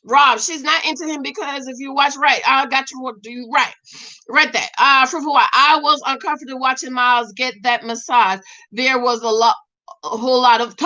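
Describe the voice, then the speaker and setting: A middle-aged woman hosting a casual show where she reads viewer comments aloud, animated and laughing often as she talks straight to her audience. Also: high-pitched, normal speed, dull audio. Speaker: show recap host reading viewer comments. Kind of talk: casual chat.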